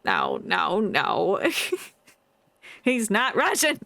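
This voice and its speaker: A woman's voice: mid-range voice, wildly swooping pitch, drawn-out words, sharp tone, dry recording, clean studio sound. A woman streaming a game, chatting and reacting playfully with frequent giggles. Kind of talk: casual game commentary.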